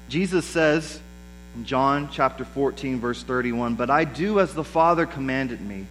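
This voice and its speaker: A man's voice: medium pitch, a bit bright, a little hiss or hum, low-quality recording. A man preaching a sermon in a conversational way, acting out the lines of the people he quotes. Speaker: pastor.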